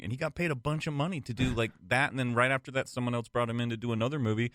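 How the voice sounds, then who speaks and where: A man co-hosting a casual chat, jokey and quick to chime in with agreement. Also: mid-range voice, fairly bright tone, no echo, studio quality.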